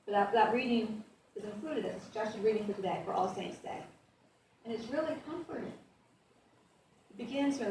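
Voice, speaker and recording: A woman pastor giving a conversational sermon, reading scripture with lively emphasis. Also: mid-range voice, moderate pace, slight background noise. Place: church sanctuary. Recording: echoey church heard from a distance.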